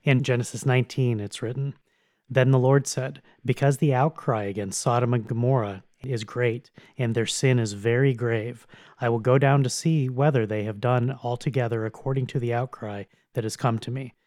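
A man's voice: mid-range voice, a little mellow, no echo. Earnest man explaining theology, dry sound. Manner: earnest, explanatory, slightly rambling with restarts. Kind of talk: theological podcast discussion.

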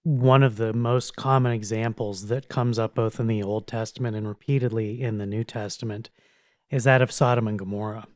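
A man's voice: mid-range voice, darkish tone, no room sound, clean studio sound. A man co-hosting a theological podcast, explaining earnestly with some restarts.

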